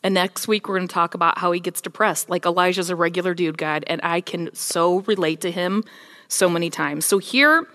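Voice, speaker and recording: A woman's voice: on the low side, fairly quick, in a large hall. A woman preaching a casual sermon, retelling scripture as a story and voicing the figures in it. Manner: casual, storytelling, animated with voiced quotes.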